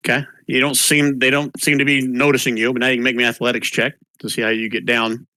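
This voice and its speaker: A man's voice: mid-range voice, fast, no room sound. A man narrating as game master of a tabletop game, calling for rolls and describing the scene. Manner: relaxed narration with small restarts, calls for rolls.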